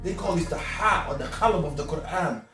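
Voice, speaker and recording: Man, high voice, earnest preacher-like guest; roomy distant sound. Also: fairly quick, fairly bright tone. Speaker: guest speaker. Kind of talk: religious discussion. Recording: echoey room, far from mic, music behind.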